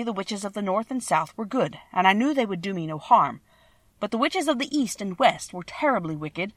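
A woman narrating a children's classic in a steady, clear storytelling voice. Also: medium pitch, dry recording. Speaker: audiobook narrator. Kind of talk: scripted narration.

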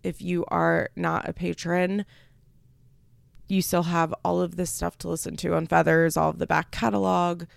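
A woman's voice: on the low side, little pitch movement, moderate pace, creaky, no room sound. A young woman hosting her podcast alone, rambling and tearful as she speaks with casual swearing. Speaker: podcast host. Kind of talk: solo podcast announcement.

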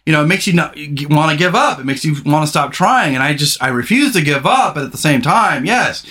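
A middle-aged man hosting a podcast in casual chat, rambling, candid and quick to swear. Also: on the high side, lively intonation, sharp tone, breathy edge. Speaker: podcast host.

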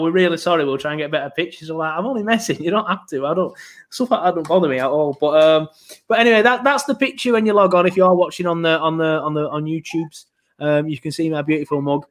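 A man co-hosting a podcast in casual chat, chatty and self-mocking, telling stories with animation. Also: sits high. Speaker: podcast co-host.

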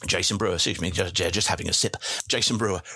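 A man with an English accent and a deep voice hosts a podcast, reading listener messages in a jokey, chatty way with wordplay asides. He talks quickly in a pushed, bright voice with a breathy edge. The casual chat is recorded clean in a studio with no room sound.

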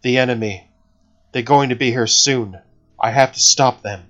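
A man voicing a driven young son with powers who speaks flatly and ominously. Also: mid-range voice, moderate pace, dull audio, faint music behind, close to an everyday voice.

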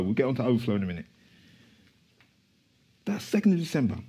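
Husky man preaching with rising fervor. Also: medium pitch, big pitch swings, fast talker, pauses often, a little mellow. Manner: impassioned, rising to emphatic declarations. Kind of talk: sermon.

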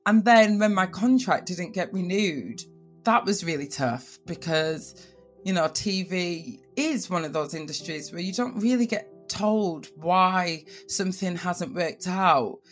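A woman with a Northern English accent, a TV presenter telling her personal story in an animated way, with her voice jumping for quoted speech. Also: fairly low pitch.

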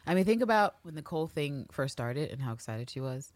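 A woman co-hosting a podcast, recapping a TV episode in casual, animated chat and acting out quotes. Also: low-pitched, a little fast, no room sound. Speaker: podcast co-host.

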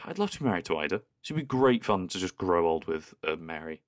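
A man's voice: low-pitched, big pitch swings, quick pace, dry recording, clean studio sound. A man co-hosting a podcast, chatting casually and reading listener emails aloud with jokey asides. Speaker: podcast co-host.

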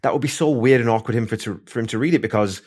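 A man's voice: mid-range voice, rapid-fire, a little mellow, slightly rough. A man hosting an interview, chatty and enthusiastic, rambling through his thoughts with restarts. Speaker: podcast host. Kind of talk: casual interview chat.

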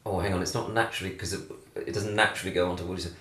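A man co-hosting a casual comedic chat, quick and enthusiastic, musing aloud. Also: deep voice, steady tone, a bit bright. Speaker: podcast co-host. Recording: roomy echo.

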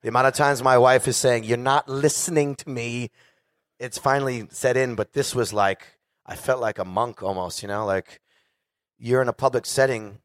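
A man's voice: mid-range voice, steady tone, normal speed, a bit bright, no echo, studio quality. A man in his forties, a singer, telling a candid and profane story casually to a live audience. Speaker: guest singer.

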